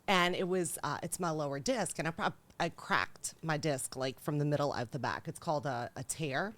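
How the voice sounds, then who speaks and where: Co-hosting a comedic chat podcast, a young woman talks animatedly, laughs often and acts out what people said in different voices. Her voice is lowish, her pace moderate, and the recording dry.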